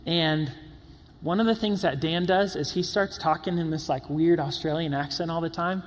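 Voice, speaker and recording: A man's voice: a little high, normal speed, in a large hall, low-quality recording. A man in his twenties preaching a sermon in a conversational way, with filler words and playful asides. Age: 20s. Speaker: pastor.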